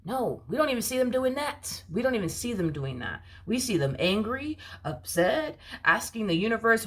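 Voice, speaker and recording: A woman's voice: fairly high pitch, sing-song, normal speed, hardly any pauses, breathy edge. A woman giving a casual spoken tarot reading, talking in an emphatic, direct and slangy way and repeating her points. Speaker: tarot reader.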